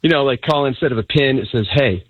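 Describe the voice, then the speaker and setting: A man calls in to a radio show over a tinny phone line, husky and mid-pitched. He tells his story emphatically, like a warning. The sound is dry and narrow. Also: fast, no echo. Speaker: caller.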